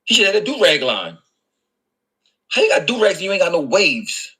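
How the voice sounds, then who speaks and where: Brief: Philly-man, sharp raspy voice, high and swooping pitch, taunting rant. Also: huge pitch swings, moderate pace, rough recording. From Philadelphia. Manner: mocking, repetitive, sarcastic. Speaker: rapper in an online feud.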